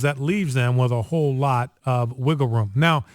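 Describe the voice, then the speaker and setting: A man's voice: on the high side, fairly quick, hardly any pauses, no echo, studio quality. A male radio talk show host giving opinionated political commentary, with many fillers and restarts.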